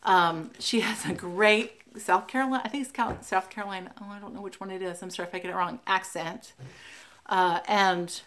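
Her voice is fairly low and fairly bright, with fairly even intonation and a moderate pace. This West Coast American Flosstube vlogger talks casually through a show-and-tell, spelling names letter by letter amid plenty of ums.

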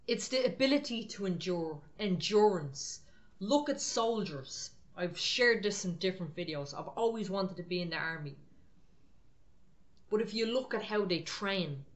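A woman preaching a sermon, firm and exhorting in a conversational way. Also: medium pitch.

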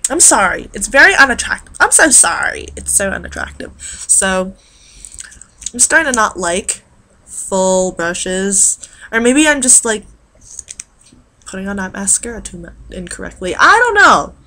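A woman's voice: mid-range voice, sing-song, a little slow, bright, forceful tone. A young woman vlogger chatting casually about makeup favorites, rambling with lots of fillers. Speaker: beauty vlogger. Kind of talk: casual chat.

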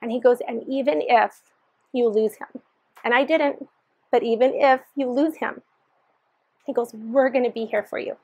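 A woman's voice: on the high side, steady tone, moderate pace, long pauses, a little mellow, slightly rough, no room sound, dull audio. A woman sharing her personal testimony in an earnest storytelling manner, re-enacting the dialogue as she recalls it.

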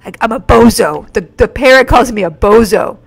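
A woman streaming a video game live, reacting excitably with yelps and exclamations. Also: a little high, moderate pace, gravelly, breathy edge. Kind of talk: live gameplay commentary. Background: faint game music.

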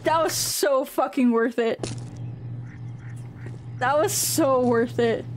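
A woman's voice: high-pitched, slow, a little hiss or hum. A woman streaming a game, chatting casually, giggling often and cooing in baby talk at her dog. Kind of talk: casual gameplay commentary.

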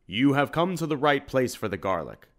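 A man voicing a big, gruff shopkeeper with a growling, bear-like voice and formal, old-fashioned speech, in an audiobook reading. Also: medium pitch, very animated, moderate pace, fairly bright tone, pitched above the performer's own voice.

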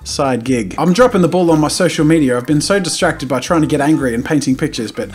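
A man giving casual, jokey commentary while playing a life-sim game, swinging from loud outbursts to low muttering. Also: quick pace, faint music behind. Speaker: gaming YouTuber. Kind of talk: casual let's-play commentary.

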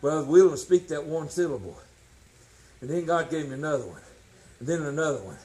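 Preacher, man, 60s, high voice, folksy and emphatic. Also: expressive, fast, poor audio. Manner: folksy, emphatic, swings from shouting to low tones. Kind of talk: sermon.

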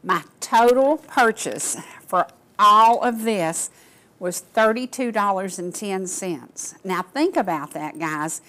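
An older woman hosts a local talk show, chatting straight to her viewers. Her talk is gushing and folksy, full of homey asides. Her pitch sits in an ordinary middle range for a woman. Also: expressive, takes it slowly, fairly bright tone. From Georgia, US. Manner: gushing, folksy, addresses audience as y'all. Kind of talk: casual chat to viewers.

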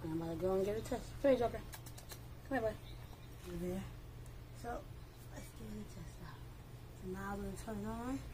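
A woman casually reviewing a dog-washing gadget, chatty and coaxing her dogs in a high sing-song, recorded outdoors in a yard. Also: fast talker, long pauses, noisy background. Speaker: product reviewer.

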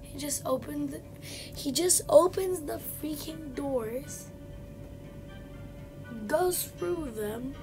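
A woman hosting live gameplay commentary, chatty and excitable, teasing the game characters, with game music behind her. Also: sits high, slow, long pauses. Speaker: gaming channel host.

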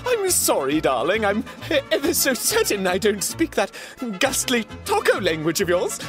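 A man's voice: high-pitched, wildly swooping pitch, moderate pace, music in the background. A man voicing a vain, cruel, pompous female pony in a parody cartoon, with an affected posh drawl. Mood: condescending. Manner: affected posh drawl, sing-song, condescending.

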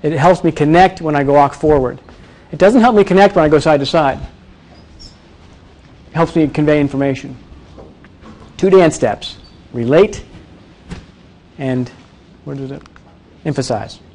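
A man teaching presentation skills to a live audience, energetic and demonstrative, often quizzing the room. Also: fairly high pitch, a little slow, pauses often. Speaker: presentation coach. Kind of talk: live workshop talk.

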